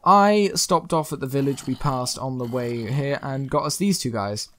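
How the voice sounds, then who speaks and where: A man's voice: mid-range voice, normal speed, fairly bright tone, a little hiss or hum. A young man chatting upbeat over his gameplay, now and then rambling a little. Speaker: gaming video host. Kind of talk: casual gameplay commentary.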